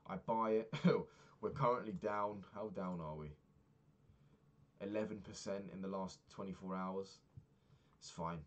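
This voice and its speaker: A man's voice: deep voice, a little slow. A man talking through his week in a casual diary vlog, rambling and swearing freely as he rants. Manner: rambling, profane ranting. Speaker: vlogger.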